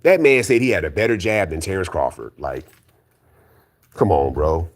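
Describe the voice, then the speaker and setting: A man with a low voice rants straight to his audience about boxing. He is blunt and profane and keeps hammering the same points. His delivery is insistent and argumentative. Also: big pitch swings, moderate pace. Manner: keeps calling out critics, insistent. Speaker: boxing commentary YouTuber. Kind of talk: heated solo rant.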